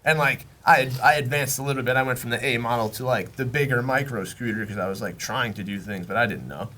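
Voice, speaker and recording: A young guest on a podcast, this man from Long Island, New York, talks fast in a mid-range voice with a bright, forceful tone. He tells long, rambling stories casually, packed with slang and swearing, and often acts out what his friends said.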